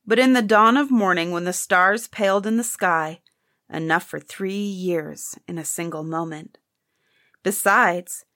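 A woman reading a fairy tale aloud in a measured, expressive storybook manner. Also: on the low side, dry recording, studio quality.

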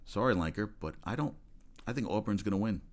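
A man's voice: on the low side, lively intonation, fast. A man hosting his own sports show in a casual, rambling rant, blunt and profane, with faint music behind.

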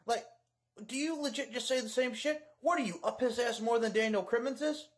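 A man's voice: very high-pitched, a little fast. A man cutting a crude, mocking wrestling trash-talk promo.

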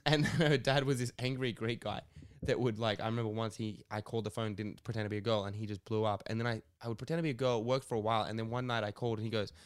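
A man's voice: on the low side, fairly even intonation, quick pace, smooth, dry recording, clean studio sound. A young man, co-hosting a podcast and telling stories in casual chat, laughing often and swearing casually. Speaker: podcast co-host.

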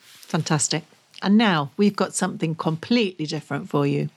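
A woman's voice: sits low, normal speed. A woman co-hosting a chatty podcast, telling an upbeat news story with enthusiasm. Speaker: podcast co-host. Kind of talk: casual radio-style chat.

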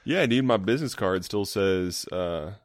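A man with a low voice, joining a podcast and playing along with the jokes in a deadpan way. He is recorded close and dry, with no room sound. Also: measured pace, no echo. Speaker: podcast co-host. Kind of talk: casual comedic podcast chat.

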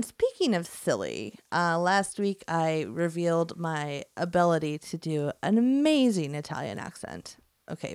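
A woman's voice: lowish voice, smooth, no echo. A woman co-hosting a podcast, chatting casually and reading listener writing, laughing easily and poking fun at herself. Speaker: podcast co-host.

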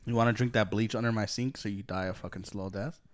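A man's voice: on the low side, fairly even intonation, fast talker. A young man hosting a casual joking chat, teasing and swearing, laughing often. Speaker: host.

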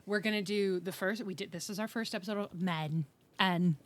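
A woman hosting a casual podcast chat over a video call, animated and quick to laugh. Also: mid-range voice. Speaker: podcast host.

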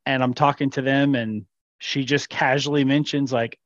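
A man's voice: mid-range voice, fairly even intonation, moderate pace, no echo. Easygoing man, laughing podcast co-host. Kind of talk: casual chat. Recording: dull, dry lo-fi sound.

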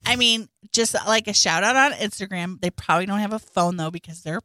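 Woman cohost, bright and lively pitch, deadpan riffs, dry sound. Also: fairly quick, no room sound. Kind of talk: casual comedic chat.

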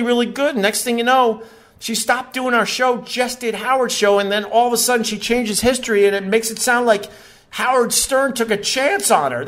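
Animated, ranting male podcast host. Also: very high voice. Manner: heated, swearing, shouting in bursts. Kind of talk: casual monologue rant. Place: home studio in a bathroom. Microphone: high quality recorder.

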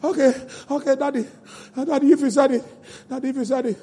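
A man's voice: very high-pitched, fairly even intonation, brisk, dark tone. A man playing a frightened young prince begging his father. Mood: meek. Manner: pleading, childlike. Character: scared young prince, Pharaoh's firstborn son.

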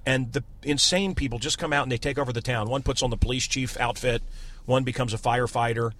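Man, radio host, sarcastic rant, bright tone. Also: mid-range voice, fairly even intonation, fast. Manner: ranting, sarcastic, mocking voices. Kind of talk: casual chat.

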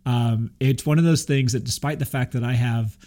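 A man's voice: mid-range voice, fairly even intonation, moderate pace, dark tone. A man co-hosting a podcast in casual chat, chatty and often checking for agreement. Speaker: podcast co-host.

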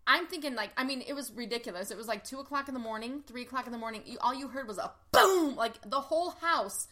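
A woman's voice: on the high side, quick pace, sharp tone. A woman in casual conversation, telling stories animatedly with lots of "like" fillers. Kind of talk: casual chat.

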